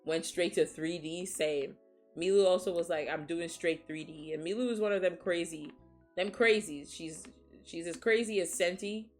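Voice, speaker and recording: A woman streaming from Nigeria, chatting casually with a very low, deep voice. She talks frankly and swears freely, sniffling a little after crying, and laughs often as she reads chat. Faint music plays under her. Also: normal speed.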